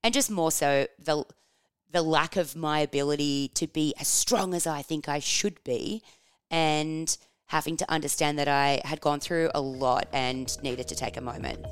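A woman's voice: low voice, measured pace, smooth, no echo. Frank, swearing woman in her thirties. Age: 30s. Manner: frank and animated, swears casually, laughs while telling stories. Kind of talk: personal storytelling, candid and confessional.

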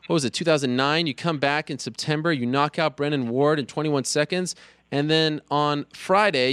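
A man's voice: a little high, a bit bright, smooth, dry recording, studio quality. A man hosting an interview show over a headset, upbeat and playful as he introduces a fighter. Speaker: podcast host. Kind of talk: casual interview.

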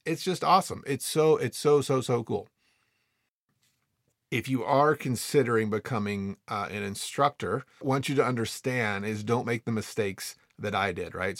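A male freediving instructor tells stories of his teaching in a relaxed, chatty way. He talks fast and animated and voices the people in his anecdotes. The sound is close and dry. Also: medium pitch, no echo. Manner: animated, quick, acts out quoted people. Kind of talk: casual storytelling talk.

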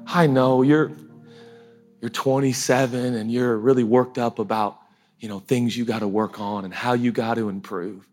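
A man's voice: mid-range voice, steady tone, moderate pace, darkish tone, soft background music. A man preaching a sermon in an emotional, conversational way, often laughing as he talks.

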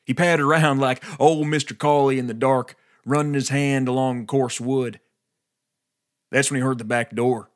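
Male narrator, folksy, wry, scripted story reading, mid pitch. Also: steady tone, normal speed.

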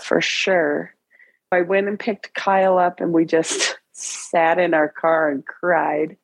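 Low husky woman telling her story. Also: level tone, dry recording, low-quality recording. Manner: emotional, halting with restarts. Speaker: interview guest. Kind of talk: personal storytelling in an interview.

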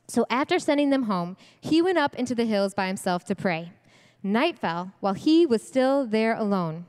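A woman delivering a sermon at a women's event, animated and slangy, laughing often. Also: a little high, fairly quick. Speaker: speaker at a women's ministry event. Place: church event hall. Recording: long hall reverb.

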